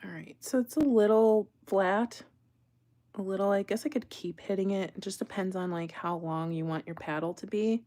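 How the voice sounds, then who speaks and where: A woman's voice: medium pitch, moderate pace, mellow. A woman hosting a live jewelry-making stream, chatting casually and rambling to her viewers as she works. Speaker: jewelry-making livestream host. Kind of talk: casual live crafting chat.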